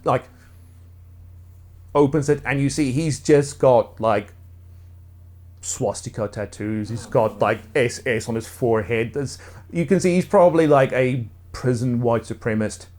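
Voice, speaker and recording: A man's voice: mid-range voice, unhurried, darkish tone. A man narrating as game master in a casual, rambling way with many fillers. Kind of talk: narrating a tabletop role-play.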